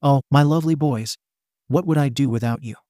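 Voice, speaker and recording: A man's voice: mid-range voice, fairly quick, dark tone, no echo, studio quality, lightly acted. A man voicing a short, playful, loving mother in a storybook reading, teasing in tone.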